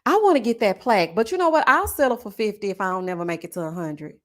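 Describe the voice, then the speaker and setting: A woman with a Texas Southern twang, chatting casually with her viewers in a sing-song, drawn-out way. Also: medium pitch, expressive. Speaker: YouTube reality-show reviewer. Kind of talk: casual chat reading viewer comments.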